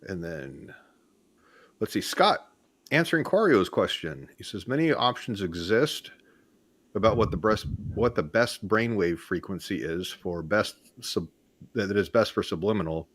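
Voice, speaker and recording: A man's voice: on the low side, expressive, a little slow, no echo. A man co-hosting a live show, joking around and reading viewer comments aloud. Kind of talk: casual live show chat.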